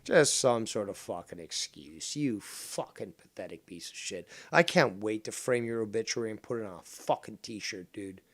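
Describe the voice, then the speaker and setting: A man's voice: lowish voice, animated, moderate pace, hardly any pauses, a bit bright, no room sound. A man hosting a live call-in show, mocking and insulting a rival in sarcastic commentary. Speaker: stream host.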